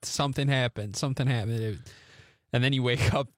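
Hesitant young-sounding studio guest. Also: male voice, medium pitch, steady tone, fairly quick, dry recording. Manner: rambling, hesitant storytelling. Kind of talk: casual radio chat.

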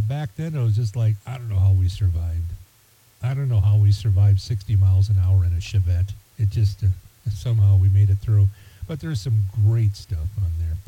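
A man's voice: mid-range voice, dark tone, lo-fi sound, a little hiss or hum. A man hosting a radio show, talking casually and rambling with many fillers and restarts. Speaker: radio host. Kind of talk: casual talk radio monologue.

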